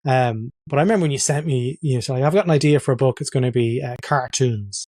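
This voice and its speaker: A man hosting a podcast, chatty and quick to laugh. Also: mid-range voice, darkish tone, dry recording. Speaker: podcast host. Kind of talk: podcast conversation.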